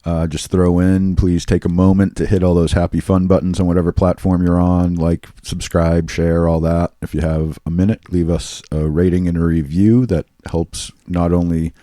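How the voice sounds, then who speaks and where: A male podcast host with a low, mellow voice, recorded close and dry with no room sound. He talks in an easygoing, laid-back way, bantering with his co-host and reading the housekeeping notes without fuss. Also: normal speed, few pauses, no room sound. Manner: easygoing, relaxed delivery of show announcements.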